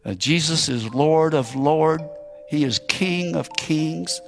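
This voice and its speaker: A man preaching as a missionary, telling a story emphatically, rising to shouts and falling to near whispers. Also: a little high, slow pace, creaky, soft background music. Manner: emphatic, climbing to shouted exclamations, then dropping to a hush. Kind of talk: sermon storytelling.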